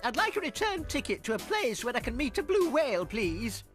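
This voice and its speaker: A woman's voice: a little high, sing-song, a little fast, soft background music, voice pushed up. Blue Cow, a woman doing a curious cow. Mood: eager. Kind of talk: storybook reading.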